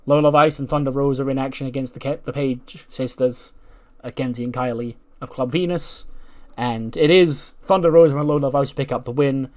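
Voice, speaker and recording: A man's voice: mid-range voice, darkish tone. Rambling man narrating a game. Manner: rambling, filler-heavy. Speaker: let's play host. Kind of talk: casual narration of a wrestling sim.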